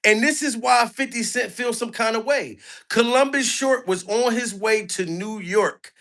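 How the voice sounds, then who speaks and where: A man doing crude, animated commentary on a live stream, hyping up his chat. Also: very high voice, unhurried.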